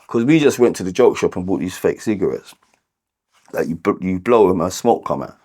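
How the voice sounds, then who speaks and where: A man with a London accent and a low, deep voice recounts his life story. His telling is candid and unpolished, full of restarts, repeated words and casual "like"s. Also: expressive, darkish tone. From London, England. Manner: halting, repeats words and restarts, many filler "like"s.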